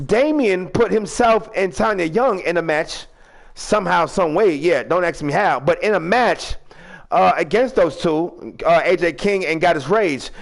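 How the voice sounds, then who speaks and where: A man with a high, gravelly voice hosts a fan-made wrestling show in loose, rambling chat. His pitch swings widely, and he draws out booming ring-announcer calls. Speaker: host of a fan video-game wrestling show. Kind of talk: casual hosted recap with announcer flourishes.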